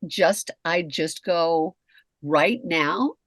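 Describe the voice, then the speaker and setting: A middle-aged woman with a fairly low pitch draws out her words while co-hosting a talk show. She's a podcast co-host and communication expert who talks bluntly and candidly about relationships, swearing freely, in a recording with no echo.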